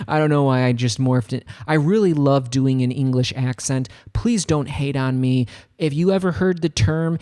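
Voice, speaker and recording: A chatty American man streaming a laid-back production session. He rambles happily from one thought to the next at an ordinary pitch. The talk is relaxed and unscripted. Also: moderate pace. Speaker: music producer streaming a tutorial. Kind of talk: casual livestream chat. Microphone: studio microphone.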